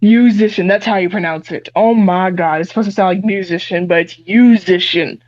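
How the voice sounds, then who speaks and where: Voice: mid-range voice, quick pace, no echo. Musician guest, casual, easy laugh, muffled dry line audio. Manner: laid-back, short replies, laughs easily. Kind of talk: casual interview chat.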